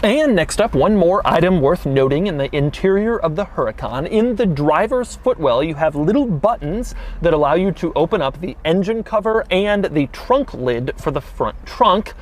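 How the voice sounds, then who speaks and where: Man, car reviewer, casual walkaround, enthusiastic, a little high-pitched, animated. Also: moderate pace, hardly any pauses. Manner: enthusiastic, lively, wry asides.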